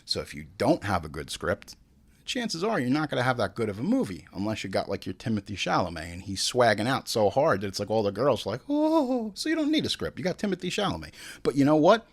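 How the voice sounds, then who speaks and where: Animated, joking male commentary host. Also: fairly low pitch, fast talker, husky. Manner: animated, joking, swears freely. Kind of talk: casual comedic commentary.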